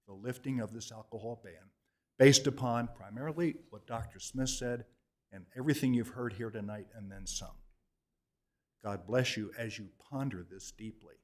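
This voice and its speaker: A man's voice: mid-range voice, unhurried, darkish tone. A man from Kentucky giving an emphatic, oratorical public comment at a council meeting, repeating points for effect. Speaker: resident speaking at public comment.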